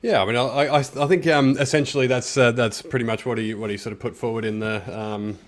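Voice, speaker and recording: A man's voice: mid-range voice, steady tone, brisk. A man hosting a fight podcast, speaking carefully with many ums and hedges. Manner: hesitant, full of ums and hedges. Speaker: podcast host. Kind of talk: casual podcast chat.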